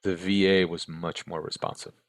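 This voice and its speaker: With a low voice and flat delivery at normal speed, no echo, an American man who once worked as a case manager answers interview questions. He's direct and candid in the interview room, with frequent tags like "right?" and "okay?".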